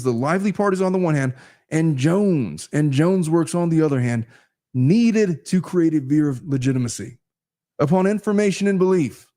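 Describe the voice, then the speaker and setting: Male host, measured reader of court documents, warm mellow voice, casual asides. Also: a little high. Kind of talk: reading a legal complaint aloud with commentary.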